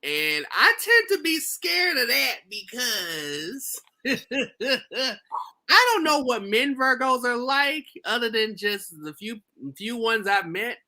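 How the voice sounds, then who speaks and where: A livestream host interviewing a guest in a lively, giggly, affectionate way. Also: medium pitch, slow pace. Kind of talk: casual interview chat.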